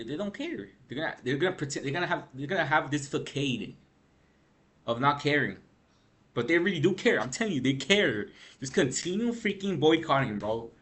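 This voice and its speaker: With a fairly bright voice on the high side, a tired man who hasn't slept much rambles through gaming news. It's casual ranting commentary, slangy and peppered with "bro" and "freaking."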